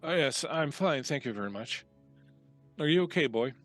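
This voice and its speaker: A man voicing a reserved, tasteful woman who is cold and watchful, speaking slowly and primly. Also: on the high side, animated, a bit bright, faint music behind, pitched above the performer's own voice.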